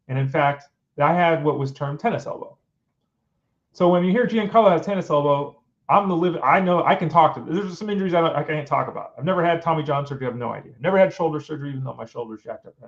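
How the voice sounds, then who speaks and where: Middle-aged male sports show host, fairly high voice, exasperated and rhetorical, muffled lo-fi recording. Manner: exasperated, fires off rhetorical questions. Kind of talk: casual opinionated commentary. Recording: dull lo-fi sound.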